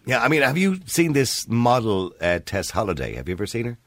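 A man's voice: mid-range voice, wildly swooping pitch, a little fast, fairly bright tone, no echo, studio quality. A middle-aged Irish man hosting a phone-in radio show, chatting casually and laughing easily with his co-host and callers.

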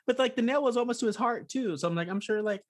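A woman's voice: a little high, fast talker. A young woman co-hosting a casual horror movie chat, swearing often and acting out her own reactions. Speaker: podcast co-host.

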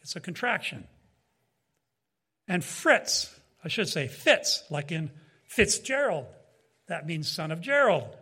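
A man with a notably high-pitched voice delivers a Bible teaching in sermon style. His delivery is emphatic, rising and falling. He turns often to his listeners with quick asides. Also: sing-song, bright, forceful tone, slightly rough. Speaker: preacher.

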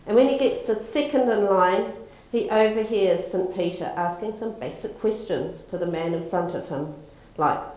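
A woman's voice: medium pitch, normal speed, a little mellow. A woman giving a sermon in a conversational, storytelling manner. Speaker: preacher. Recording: echoey room.

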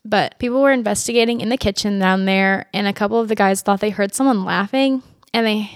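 A woman's voice: mid-range voice, fairly quick, clear, resonant tone, dry recording. Chatty woman podcaster with a dry sound. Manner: chatty, laughs often while telling stories. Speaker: podcast co-host. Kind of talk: casual chat.

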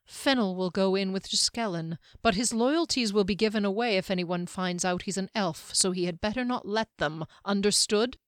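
A woman's voice: medium pitch, moderate pace, few pauses, smooth, no room sound, clean studio sound, natural voice. A woman voicing a stern male military captain giving firm, clipped orders in a fantasy audiobook.

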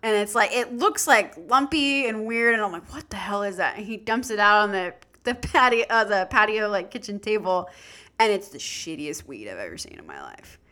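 A woman's voice: mid-range voice, animated, moderate pace, sharp tone. A young adult woman, a podcast co-host, telling a long casual story, acting out quoted voices with lots of "like".

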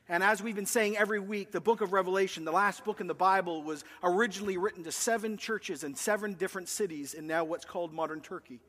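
Lively, high-voiced pastor in a reverberant hall. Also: male voice. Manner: animated storyteller, acts out voices and jokes with the congregation. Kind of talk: sermon with a personal story. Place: church hall with a live congregation.

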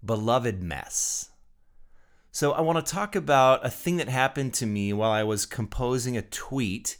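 Chatty low-voiced man hosting a podcast. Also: a bit bright, smooth. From Midwestern United States. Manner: chatty, jokey, self-deprecating. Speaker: pastor and podcast host. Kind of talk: casual podcast monologue.

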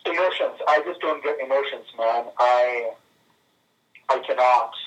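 Halting man on a tinny speakerphone. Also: medium pitch, distant mic, a loud crowd. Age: 30s. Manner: halting, many fillers and restarts. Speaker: friend calling in. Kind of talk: casual phone conversation.

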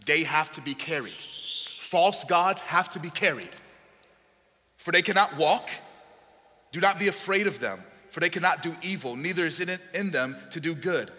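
A man preaching a sermon as a pastor, moving from low, chatty asides to loud, emphatic preaching. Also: lively intonation, a little fast. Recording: long hall reverb.

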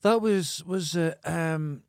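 A man co-hosting a podcast, chatting casually with playful, deadpan jokes. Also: on the high side, takes it slowly, gravelly, no room sound, clean studio sound. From Scotland. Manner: jokey, playful, deadpan asides. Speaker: podcast co-host. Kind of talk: casual chat.

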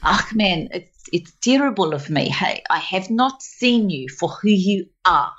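Woman doing a forceful South African mum. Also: fairly low pitch, big pitch swings, a little slow, husky, lo-fi sound, full character voice. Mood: remorseful. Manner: earnest, apologetic confession.

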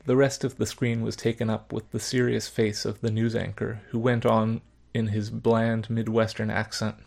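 A man narrating a story in the first person, measured, subdued and reflective. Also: fairly low pitch, little pitch movement, gravelly, a little mellow.

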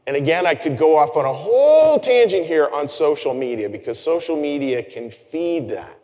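A male pastor delivering a relaxed, conversational sermon in a church sanctuary, his slightly high voice trailing off into a long hall reverb. He talks with animation and drops in self-deprecating asides. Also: normal speed.

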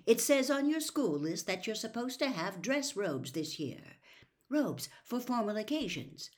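A woman voicing a fussy, cross mother who scolds briskly in a raised voice. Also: a little high, sing-song, pitched above the performer's own voice. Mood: scolding.

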